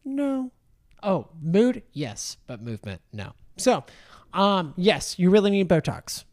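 A woman injector hosting a casual chat, asking and answering questions about treatments in a brisk way. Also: fairly low pitch, big pitch swings, darkish tone.

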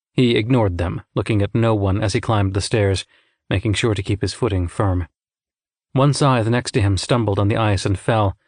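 Brief: male narrator, lowish voice, measured storytelling, dry close recording. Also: no room sound. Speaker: audiobook narrator. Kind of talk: scripted narration.

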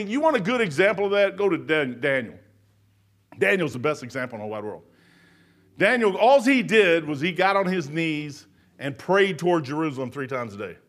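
An older man preaching a folksy sermon, telling stories and swinging from quiet muttering to loud, emphatic lines. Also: high voice.

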